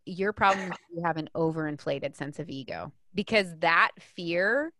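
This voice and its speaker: A woman in her thirties talking as a guest on a podcast, emphatic and fast-flowing, with frequent "like" fillers. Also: on the low side, bright, forceful tone, a little hiss or hum. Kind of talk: podcast conversation.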